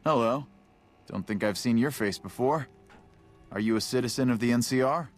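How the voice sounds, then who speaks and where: A man's voice: mid-range voice, normal speed, soft background music, natural voice. An actor voicing a friendly male soldier in video game dialogue, plainspoken and direct.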